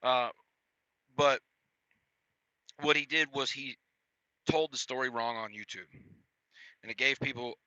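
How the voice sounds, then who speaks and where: Blunt, profane trucker with a bright voice. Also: male voice, medium pitch, a little slow, pauses often, no echo, muffled recording. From United States. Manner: blunt, profane, repeats himself. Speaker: truck driver vlogger. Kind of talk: casual storytelling rant.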